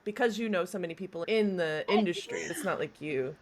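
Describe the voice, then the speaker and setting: A woman's voice: fairly low pitch, lively intonation, brisk. A woman co-hosting a podcast, joking and teasing in casual banter. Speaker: podcast co-host.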